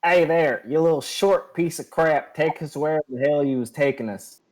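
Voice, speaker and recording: A man's voice: lowish voice, expressive, slow, mellow, breathy edge, exaggerated voice. A man voicing a crude, threatening male adventurer in a tabletop game. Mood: rude. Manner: threatening, then bluntly rude. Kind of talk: tabletop role-play voice.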